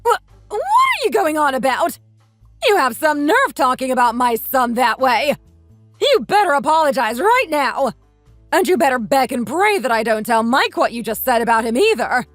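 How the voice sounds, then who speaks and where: A woman's voice: high voice, sing-song, moderate pace, fairly bright tone, no echo, soft background music. A woman voicing a bossy, scornful sixty-year-old mother-in-law in a texting story, scolding and insulting. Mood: indignant.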